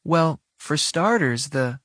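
A man's voice: on the high side, lively intonation, slow pace, a bit bright, no echo, studio quality, pitched above the performer's own voice. A man voicing a cheerful, teasing woman in her twenties who works at a bakery counter. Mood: bubbly. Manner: bubbly, teasing. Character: friendly cheerful young woman coworker, 25.

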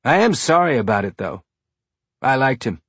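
A man's voice: mid-range voice, sing-song, moderate pace, slightly rough, dry recording. A man voicing a laid-back robotic alien with a tinny voice and a Belter accent, speaking in a casual, wry, blunt way.

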